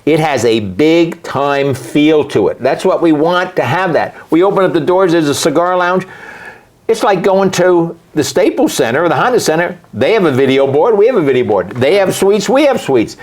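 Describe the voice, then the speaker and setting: A man's voice: a little high, animated, normal speed. An older man, a boxing promoter, talking in a casual interview and stressing points by repeating words.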